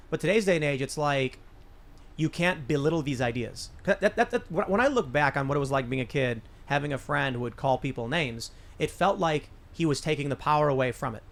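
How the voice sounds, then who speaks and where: A man's voice: on the high side, fairly bright tone. A man hosting a political talk show, telling a rambling story with many restarts. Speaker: podcast host.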